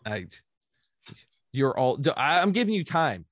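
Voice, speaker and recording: A man's voice: mid-range voice, sing-song, unhurried, no room sound. A man narrating as game master in a loose, chatty way, often laughing and correcting himself.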